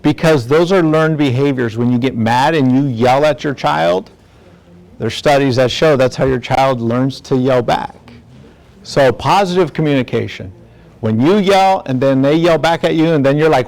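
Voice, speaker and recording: A man's voice: medium pitch, moderate pace, creaky, darkish tone. A middle-aged man from the district attorney's office giving a community talk to parents, earnest and conversational, often checking in with "right?".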